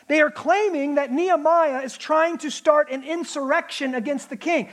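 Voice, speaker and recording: A man preaching a sermon, animated, acting out the mocking voices of enemies. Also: extremely high pitch, normal speed. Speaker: pastor.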